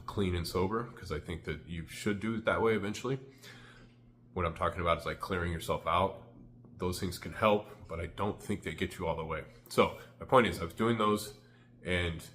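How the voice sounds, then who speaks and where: A man's voice: deep voice, bright, forceful tone, slight background noise. A man telling a candid, rambling personal story to the camera, full of "like" fillers. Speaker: vlogger.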